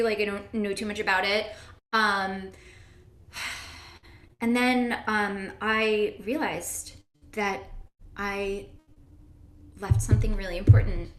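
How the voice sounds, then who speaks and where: A woman's voice: mid-range voice, fairly bright tone. A woman rambles through an improvised comedy story, stalling on "um" and "like". Her voice sits in a mid range and rings in an echoey room. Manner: rambling, full of "um" and "like". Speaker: improv performer.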